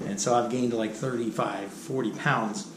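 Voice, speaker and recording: A man's voice: medium pitch, steady tone, normal speed. Middle-aged man, casual storyteller, rambling, lots of ums and restarts, chuckles, roomy echo, faint background hum. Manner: rambling, many fillers and restarts, chuckles as he goes. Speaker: author telling stories from his life.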